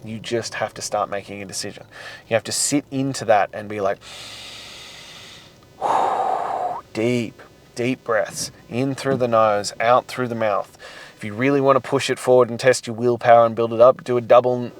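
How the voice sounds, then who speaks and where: A man's voice: mid-range voice, fairly even intonation, moderate pace, low-quality recording. Intense, swearing motivational man. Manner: intense, profane, emphatic. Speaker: podcast host. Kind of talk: motivational monologue.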